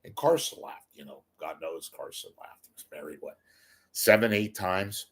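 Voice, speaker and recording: Rambling, joking older man, lowish voice. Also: sing-song, normal speed, slightly rough. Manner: rambling, self-deprecating joking. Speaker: livestream host. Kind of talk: casual chat.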